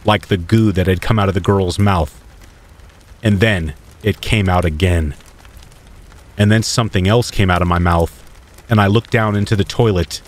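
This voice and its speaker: Deep-voiced man telling a horror story. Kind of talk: scripted first-person horror narration.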